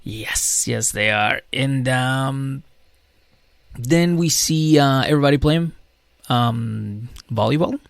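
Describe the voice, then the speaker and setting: A man's voice: mid-range voice, takes it slowly, creaky, no room sound, clean studio sound. A man co-hosting a podcast, casually recapping an episode and mimicking the cast with laid-back, playful storytelling. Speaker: podcast co-host.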